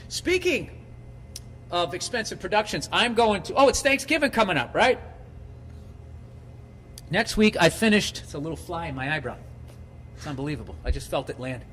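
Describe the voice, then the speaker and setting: In a fairly high voice over a little hiss or hum, a middle-aged man delivers a loose, foul-mouthed monologue. He wanders from story to story, performing other people's quotes with animated flair.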